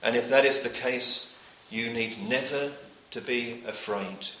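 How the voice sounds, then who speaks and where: At a measured pace and medium pitch, a man gives a sermon, reading archaic scripture and repeating each point to press it home. His bright, clear voice resonates through an echoey church hall over slight background noise. Phrases tend to trail off softly and quietly.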